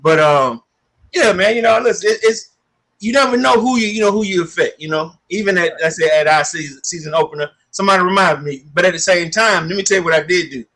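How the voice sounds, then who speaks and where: A man's voice: high-pitched, fast. A man co-hosting a casual sports podcast, telling stories with lots of laughs and acted-out voices. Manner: animated storyteller, acts out voices, laughs often. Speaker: podcast co-host.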